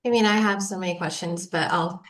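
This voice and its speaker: A woman student speaks up tentatively in a lowish voice, sounding unsure as she answers. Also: fairly even intonation, brisk.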